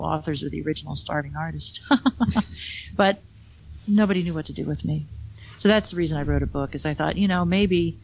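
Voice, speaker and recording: A woman's voice: sits low, a little mellow, slight background noise. Middle-aged woman author, candid spoken storytelling, wry asides, conversational. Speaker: author and speaker. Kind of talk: personal storytelling talk.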